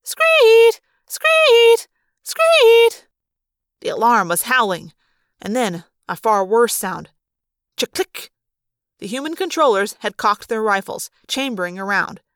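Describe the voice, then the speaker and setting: Expressive woman reading a story aloud. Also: medium pitch, normal speed, no echo, studio quality. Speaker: audiobook reader. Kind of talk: fan audiobook narration.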